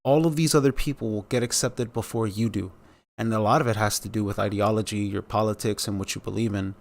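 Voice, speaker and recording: A man's voice: on the low side, fairly even intonation, quick pace, gravelly. A man giving casual, rambling commentary on news clips, with many fillers and sarcastic asides.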